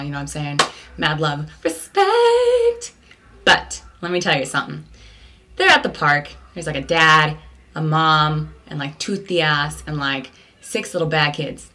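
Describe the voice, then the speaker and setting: A woman from California hosting her own vlog, telling stories in a slangy, comic rant with sudden high outbursts. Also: sharp tone. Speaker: vlog host.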